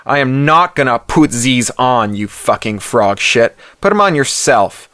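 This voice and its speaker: A man voicing a brash, foul-mouthed young American man with a twang, yelling in anger. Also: high-pitched, big pitch swings, measured pace, no echo, clean studio sound, pitched above the performer's own voice, heavily acted. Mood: outraged. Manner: shouting, furious, crude.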